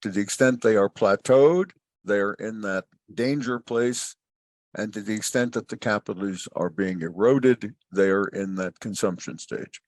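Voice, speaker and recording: An older man, a family wealth advisor appearing as a guest, speaks reflectively in an interview with a fairly low, slightly mellow voice and a slightly slow pace, with no echo. His manner is expansive, philosophical, and full of stories.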